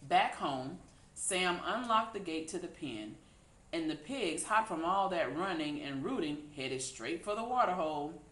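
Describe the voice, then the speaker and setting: Slow, expressive woman reading a storybook. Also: on the low side. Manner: expressive, unhurried. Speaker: storybook reader. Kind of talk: children's read-aloud narration. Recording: echoey room.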